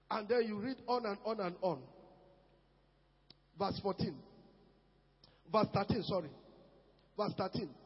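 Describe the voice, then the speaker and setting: Fervent male preacher, high and husky, shouting and repeating, booming hall with faint music. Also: muffled recording. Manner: fervent, shouting, repeats phrases, reads scripture aloud. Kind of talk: sermon.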